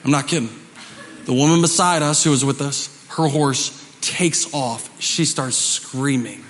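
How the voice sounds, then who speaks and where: A man preaching a sermon as pastor, telling stories dramatically and swinging between shouting and hushed, quiet lines. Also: medium pitch, measured pace, in a large hall, a little hiss or hum. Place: church sanctuary.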